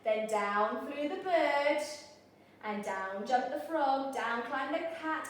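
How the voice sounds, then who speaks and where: A woman teacher reading a picture book aloud in a lively, expressive, sing-song way. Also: sits high, slow, distant mic. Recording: very echoey room, voice off-mic.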